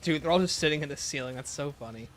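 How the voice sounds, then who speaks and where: A man's voice: fairly high pitch, fast talker, slight background noise. A young man chatting casually with his viewers while playing a zombie shooter, rambling and joking. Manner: joking, rambling banter with chat. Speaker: gaming livestreamer. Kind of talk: casual livestream commentary.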